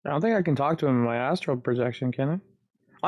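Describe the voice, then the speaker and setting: A man's voice: mid-range voice, brisk. A man playing a tabletop game, chatting casually and a bit hesitantly. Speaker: player.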